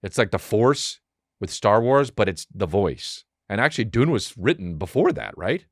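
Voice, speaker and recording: A man hosting a podcast, riffing in a rambling comic monologue, excitable and profane, with quick acted asides. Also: fairly low pitch, no room sound, studio quality. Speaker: podcast host.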